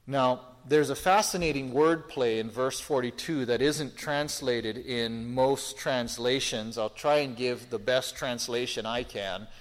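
A man's voice: medium pitch, measured pace, hardly any pauses. A man preaching a sermon in a conversational, emphatic way, asking the listeners rhetorical questions and often restarting his sentences. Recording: long hall reverb.

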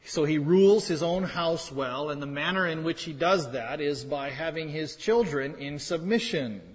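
A man's voice: fairly high pitch, moderate pace, in a large hall, low-quality recording. A man preaching a sermon as pastor, in a conversational way with wry asides and pointed repetition.

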